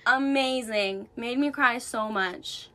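Bright-voiced young woman chatting. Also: fairly high pitch, slow. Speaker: podcast co-host. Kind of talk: casual chat.

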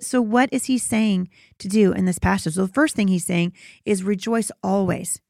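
A middle-aged woman hosting a devotional podcast, teaching in an earnest, conversational way and reading scripture slowly. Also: lowish voice, no room sound, studio quality. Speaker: podcast host and Bible teacher.

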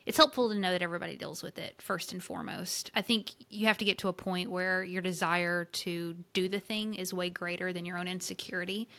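A woman with a Southern US accent co-hosting a casual podcast, lively and emphatic with playful exclamations. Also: on the low side. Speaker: podcast co-host.

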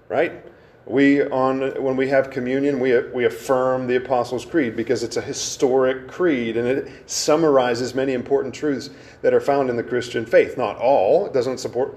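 A man preaching to a congregation in a conversational teaching style, asking questions of the room and slowing down to stress key words. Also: medium pitch, a little mellow. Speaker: pastor.

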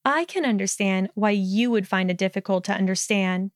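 Woman reading a haughty young witch, crisp and defiant, smooth clean voice. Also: medium pitch, normal speed, no room sound, clean studio sound, close to an everyday voice. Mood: sharp.

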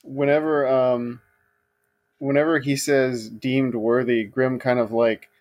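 A man's voice: mid-range voice, steady tone, takes it slowly, darkish tone. A man playing a tabletop game on a stream, describing his character with many ums. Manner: hesitant, with ums and likes. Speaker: player.

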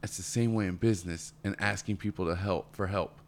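A man with a fairly low voice speaks in easy, earnest conversation. He sounds motivational and repeats himself as he builds a point. He keeps it loose with an occasional "man". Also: fairly even intonation, fairly quick, a little hiss or hum. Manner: acts out quoted voices in a higher pitch. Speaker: podcast guest. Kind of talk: casual conversation.

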